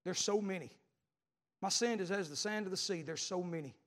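Fervent high-voiced preacher. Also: male voice, a little fast. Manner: fervent, builds to shouting. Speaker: pastor. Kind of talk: sermon. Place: church sanctuary. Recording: long hall reverb.

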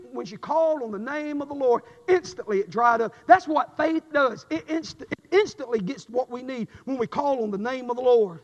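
A man preaching a sermon with a fervent, repetitive cadence, swinging from shouts to low, intense passages. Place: church sanctuary. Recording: dull recording with long hall reverb.

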